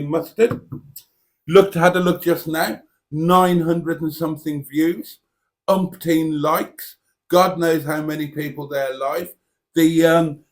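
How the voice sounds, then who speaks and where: A British man hosting a live stream, chatting in a casual, reflective and self-mocking way. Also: fairly high pitch. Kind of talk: casual rambling live chat.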